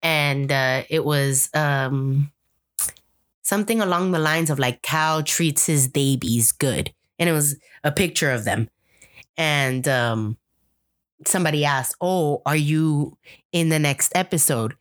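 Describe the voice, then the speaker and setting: A woman's voice: low-pitched, unhurried. A young woman co-hosting a podcast in casual chat, rambling with lots of "like" and acting out quotes from the show. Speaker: podcast co-host.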